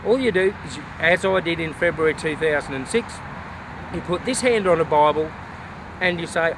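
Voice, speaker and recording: A man's voice: a little high, moderate pace, background noise. An Australian man rambling in a casual outdoor vlog, with folksy bush slang. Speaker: vlogger.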